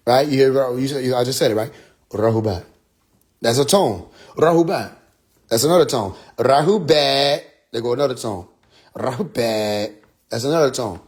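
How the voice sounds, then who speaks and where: A man's voice: mid-range voice, darkish tone. A man hosting a casual livestream, telling stories in a loose, profane way, laughing often and mimicking other people's voices. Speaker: livestream host. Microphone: phone.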